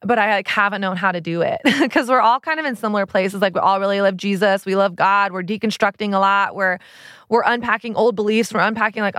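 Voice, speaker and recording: Thirties woman, podcast host, candid confessional talk, mid-pitched, dry recording. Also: animated, a little fast, fairly bright tone, no room sound. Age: 30s. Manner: earnest, open, many "like" fillers. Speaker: podcast host and relationship coach.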